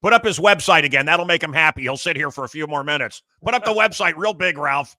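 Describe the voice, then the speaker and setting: A man's voice: a little high, fast talker, sharp tone, no room sound, clean studio sound. A man hosting a talk show, chatting casually in a rambling, emphatic way with many restarts. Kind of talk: casual interview chat.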